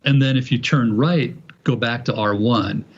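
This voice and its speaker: A man walks a city plan commission through a zoning presentation. He speaks in a measured, methodical way at an ordinary pitch, with the odd restart. The recording is muffled and lo-fi, as from a public meeting.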